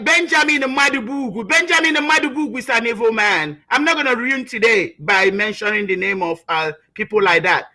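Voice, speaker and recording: A woman's voice: sits high, pushed and bright, low-quality recording. A woman calling in to a live radio program, giving an emotional, fervent speech and often repeating herself. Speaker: caller.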